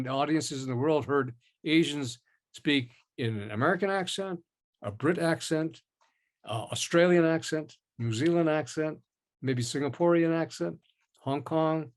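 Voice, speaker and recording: An older man, a veteran actor, telling long, rambling stories in an interview, with restarts and quoted voices. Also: fairly high pitch. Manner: rambling, animated, with many restarts and acted-out quotes. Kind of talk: casual interview storytelling.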